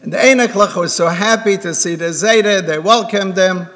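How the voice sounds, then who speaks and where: Guy with a high voice giving a sermon, tells a story and does the lines himself, long hall echo. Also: moderate pace, a bit bright. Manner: tells a parable, voicing the characters' words himself. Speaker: rabbi giving a talk. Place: synagogue hall. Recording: reverberant hall.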